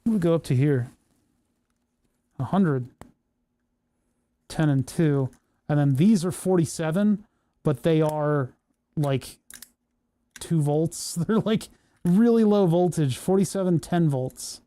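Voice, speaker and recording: Streaming an electronics build, this man speaks slowly with frequent pauses in a mellow, somewhat high voice. He chats casually and mutters to himself while working, his hands cramping.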